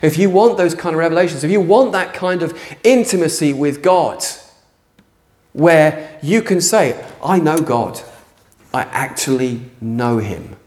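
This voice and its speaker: A man preaching a sermon to a church congregation, passionate and earnest, sometimes rising to near shouting. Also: a little high, lively intonation, a little slow. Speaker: pastor. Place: church hall.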